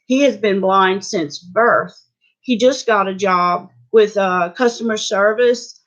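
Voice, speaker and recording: An older woman from Louisiana, talking candidly and haltingly to her vlog viewers. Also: medium pitch, fairly bright tone, lo-fi sound. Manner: slow, halting, candid, many restarts. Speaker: beauty vlogger. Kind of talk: personal vlog talk.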